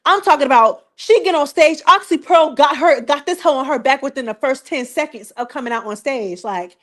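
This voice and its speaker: High-voiced woman teasing through a recap. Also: a little fast. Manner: animated, teasing, repetitive rhetorical questions, slangy. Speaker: live-stream recap host. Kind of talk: casual live-stream reality TV recap.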